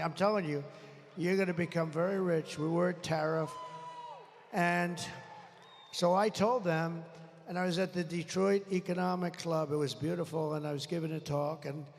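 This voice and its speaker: A man's voice: on the high side, slight background noise. An older man giving a rambling, boastful rally speech into a podium microphone, often griping angrily about the sound. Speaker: political rally speaker. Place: large rally venue. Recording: echoey arena with faint crowd.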